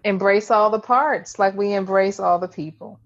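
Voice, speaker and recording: A woman's voice: mid-range voice, normal speed. A woman chatting casually as a co-host, answering with short, responsive reactions. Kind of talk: casual chat. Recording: slightly dull lo-fi audio.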